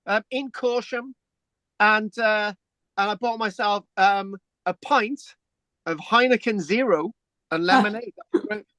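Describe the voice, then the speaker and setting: A man's voice: high-pitched, unhurried, sharp tone, no echo. A talkative man from England telling a long story in a loose, rambling way, with false starts, repeated words and a constant "right?". The sound is dry and close, with little room around it. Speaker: host. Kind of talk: casual chat.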